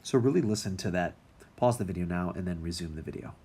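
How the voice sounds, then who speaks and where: A man's voice: low voice, expressive, fast, mellow, breathy edge. A man teaching music theory in a recorded lecture, talking casually with many ums and restarts.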